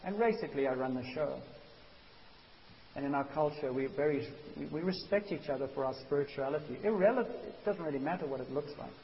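Man, pastor giving a sermon, animated, conversational, fairly high voice, long hall reverb. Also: brisk. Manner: animated, conversational, acts out quotes. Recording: dull hissy recording in a reverberant hall.

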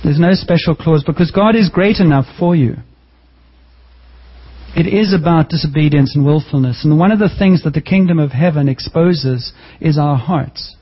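A man preaches to his church in a husky, slightly raised voice. He jokes and jumps upward in pitch to drive points home. The recording is dull and lo-fi. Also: moderate pace. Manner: lively, joking preaching with sudden pitch jumps. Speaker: pastor. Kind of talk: sermon.

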